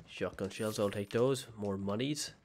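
A man hosts a gaming channel, giving casual, self-mocking let's play commentary on a horror game at home. His voice is lowish, darkish and a little slow, captured on a desk mic with webcam amid slight background noise.

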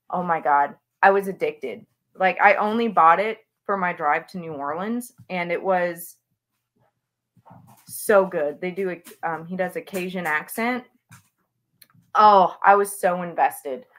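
A woman's voice: lowish voice, a little slow, fairly bright tone. A woman author chatting as an interview guest, talking with gushing enthusiasm about books she loves. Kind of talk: casual interview chat.

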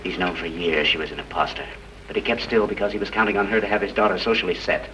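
An actor playing a vengeful man unmasked as the killer, speaking calmly and coldly in a 1930s film. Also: low voice. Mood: bitter. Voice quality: calm and measured, breaking into mocking laughter. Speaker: villain. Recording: dull, hissy 1930s film soundtrack.

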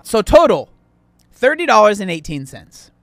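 A man hosting a casual vlog, ranting in an exasperated, animated way and tossing in "dude" and "bro". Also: high voice, normal speed, dry recording, faint music behind. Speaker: food vlogger host.

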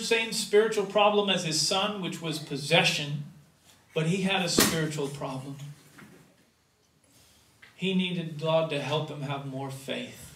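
A man preaching a sermon as pastor, swinging from loud emphatic rises to quiet low asides. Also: echoey room, far from the mic, a little hiss or hum. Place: church sanctuary.

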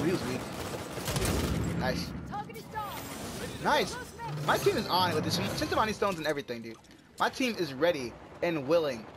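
A man giving casual gameplay commentary, excitable and swearing often, yelping when he comes under fire. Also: a little high, very noisy. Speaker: gamer. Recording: game gunfire loud under the voice. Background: gunfire and explosions from the game.

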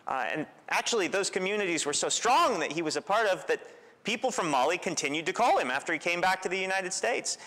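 A man preaching a sermon in a relaxed, storytelling way, with self-deprecating humor. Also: high-pitched. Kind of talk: conversational sermon. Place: church sanctuary. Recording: long church reverb.

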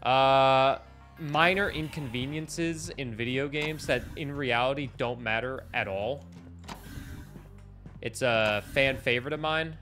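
A man streaming a video game live, talking in a loud, ranting manner that can sound angry, with bursts of near-shouting. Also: mid-range voice, takes it slowly, soft background music. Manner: loud, animated, ranting and complaining. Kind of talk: casual live-stream commentary while playing.

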